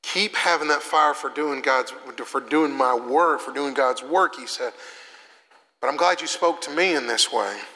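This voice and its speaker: Young man, sermon, bright tense voice, gravelly, reverberant church hall. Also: medium pitch, unhurried. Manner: conversational preaching, swings from loud to soft. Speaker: preacher.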